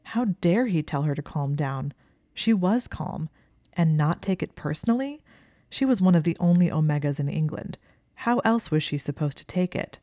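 Woman narrator for an audiobook-style story read: low, dark, even, close and dry. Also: normal speed, no room sound. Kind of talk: audiobook reading of fan fiction.

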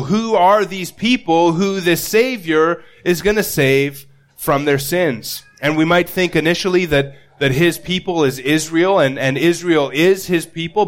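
A man preaching a sermon as pastor, earnest, often repeating a word as he restarts and slowing down to stress key phrases. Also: a little high.

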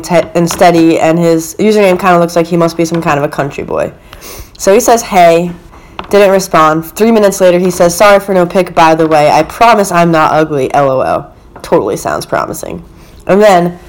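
A woman's voice: fairly low pitch, a little mellow. A young woman co-hosting a casual podcast, retelling dating-app messages with a laugh. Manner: chatty storyteller who laughs at her own anecdotes. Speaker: podcast co-host.

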